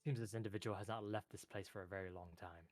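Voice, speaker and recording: A man narrating a tabletop game as game master in a loose, relaxed way with lots of filler words. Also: fairly low pitch, fast, no room sound.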